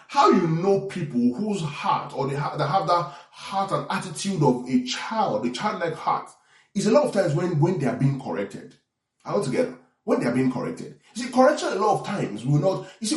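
A man preaching a sermon as pastor, animated, often checking in with the congregation. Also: a little high, normal speed. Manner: animated preaching with call-and-response asides. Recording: echoey room from far off.

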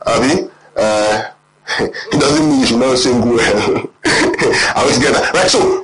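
A man with a Nigerian accent preaching a sermon, animated and often quizzing the congregation. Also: medium pitch, unhurried, low-quality recording.

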